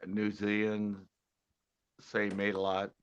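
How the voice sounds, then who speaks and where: A man's voice: fairly low pitch, slow pace, slight background noise. A man from California hosting a fishing channel, chatting casually on a porch at night and laughing often. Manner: laughs often, relaxed storytelling. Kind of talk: casual chat. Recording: dull lo-fi sound.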